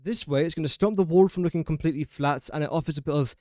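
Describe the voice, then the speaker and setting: Young lad, gaming streamer, chatty running commentary, bit higher voice, dry close mic. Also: male voice, quick pace, few pauses, darkish tone, no room sound. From England. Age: young adult. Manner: chatty, talks himself through each build step. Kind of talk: casual live gameplay commentary.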